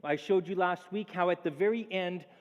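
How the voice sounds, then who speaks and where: Male pastor with a high voice and an animated sermon delivery, recorded with long church reverb. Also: normal speed, highs cut off. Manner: animated preaching, acts out quoted speech. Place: church sanctuary.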